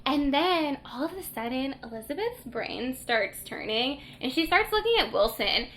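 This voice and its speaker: A woman's voice: high-pitched, very animated, normal speed, fairly bright tone, slight background noise. A young woman co-hosting a book podcast, recapping a novel's plot in casual chat and acting out the characters' lines as she goes.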